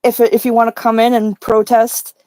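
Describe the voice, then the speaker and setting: A woman from Canada co-hosting a casual livestream chat, playful and quick to joke. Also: a little high, monotone, a little mellow, dry recording. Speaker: co-host.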